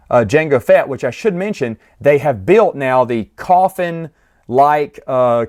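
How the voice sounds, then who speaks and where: A man casually recapping a children's book, chatty and amused, often acting out quotes from the characters. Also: mid-range voice. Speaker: book reviewer.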